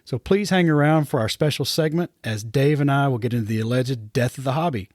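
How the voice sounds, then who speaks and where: A man hosts a casual podcast about a hobby, with a laid-back and dry-humored manner. His voice sits at a middling pitch. The sound is dry and close, with no room echo. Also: fairly quick, a little mellow. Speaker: podcast host.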